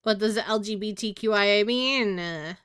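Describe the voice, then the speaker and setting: A woman's voice: medium pitch, moderate pace, fairly bright tone, clear, resonant tone, no room sound, studio quality. A giggly, hyper Australian woman rambling in casual live-stream chat as a streamer.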